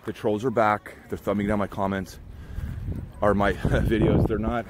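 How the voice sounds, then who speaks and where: A man's voice: lowish voice, level tone, moderate pace. A man vlogging at an outdoor dog park, talking in a rambling, confiding way with slang, with dogs and traffic behind him. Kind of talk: casual vlog monologue.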